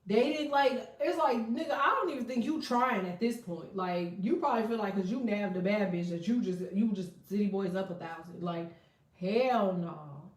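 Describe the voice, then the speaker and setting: A woman's voice: mid-range voice, a little fast, hardly any pauses. A woman giving a casual tarot reading, blunt and profane, breaking into laughing asides. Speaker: tarot reader. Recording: echoey room, distant from mic.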